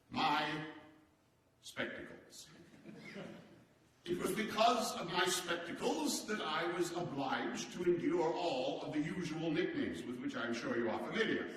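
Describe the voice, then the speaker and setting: A man playing a hearty, boastful statesman from the turn of the century, telling stories to a seated audience in a theatrical, animated way with chuckles. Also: fairly high pitch, exaggerated voice. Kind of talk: live historical character monologue. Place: large hall with a seated audience. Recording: echoey hall, distant mic.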